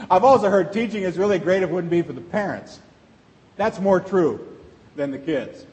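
A middle-aged pastor delivers a sermon in a fairly high voice, talking with the congregation rather than at it. He leans on rhetorical questions. A long reverb from the church hall trails after his words. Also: animated, normal speed, darkish tone. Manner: conversational preaching with rhetorical questions. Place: church sanctuary.

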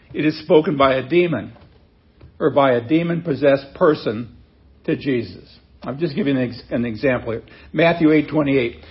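A man's voice: a little high, muffled recording. A man preaching a sermon in a conversational way, reading scripture aloud and stopping to explain it with casual asides. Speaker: pastor.

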